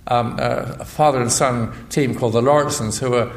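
An older man, a physicist and priest, giving a measured public lecture that explains things step by step. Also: mid-range voice, steady tone, creaky. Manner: measured, explanatory, with frequent restarts. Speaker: guest speaker, physicist and priest. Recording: echoey lecture hall.

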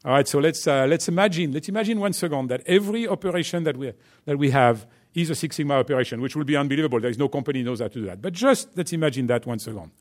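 A man's voice: fairly high pitch, expressive, racing, hardly any pauses. A man with a French accent, a company executive giving a chatty business talk to students, full of fillers and "right?" check-ins.

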